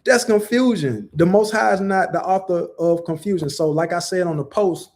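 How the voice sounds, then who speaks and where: A man's voice: high voice, normal speed, a little mellow. A young man giving a casual religious commentary, talking conversationally with many rhetorical questions and "you know" fillers. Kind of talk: casual preaching monologue.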